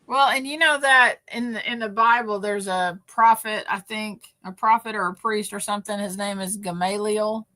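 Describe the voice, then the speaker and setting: A woman's voice: mid-range voice, fairly even intonation, sharp tone. A woman, co-hosting a podcast in chatty casual conversation. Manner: chatty, quick to chime in. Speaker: podcast co-host. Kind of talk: casual chat.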